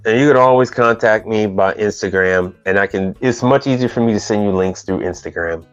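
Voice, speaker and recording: A man's voice: fairly low pitch, brisk, smooth, no room sound. A man hosting a casual live stream on business questions, rambling and teasing in loose slang. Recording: dull dry sound with faint music behind.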